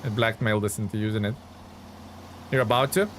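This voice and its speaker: Male streamer, young adult, relaxed chatty play-by-play with faint background noise. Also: lowish voice, fairly quick. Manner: chatty, reads chat aloud and answers viewers. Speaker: game streamer. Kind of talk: casual live-stream commentary.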